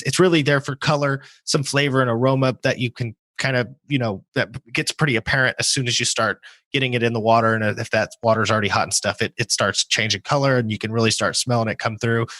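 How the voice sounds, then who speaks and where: A man co-hosting a podcast, explaining brewing in a relaxed, hedging way. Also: medium pitch, no echo. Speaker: podcast co-host. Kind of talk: casual podcast chat.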